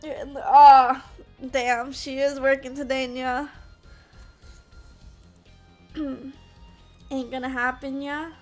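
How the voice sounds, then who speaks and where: A woman's voice: sits high, flat delivery, takes it slowly, pauses often, darkish tone, faint music behind. A woman in her twenties chatting casually on a live stream, full of "like" and tag questions. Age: 20s. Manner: chatty, peppers speech with "like" and "yeah?".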